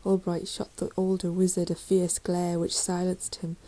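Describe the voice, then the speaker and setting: Mellow low-voiced woman reading a storybook. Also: monotone, moderate pace, rough recording. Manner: dramatic reading, raising voice for shouted lines. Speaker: audiobook reader. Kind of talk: storybook narration.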